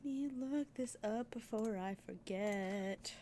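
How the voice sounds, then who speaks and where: A woman's voice: mid-range voice, slow, dark tone, slight background noise. A woman streamer casually chatting and giggling while playing through a game, thinking aloud as she goes.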